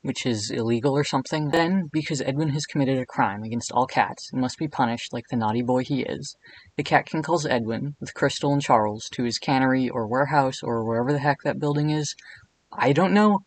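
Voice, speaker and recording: A man narrates a comedic video essay, irreverent and jokey throughout. He drops dry, deadpan asides between his points. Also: medium pitch, fairly quick, a little hiss or hum, poor audio.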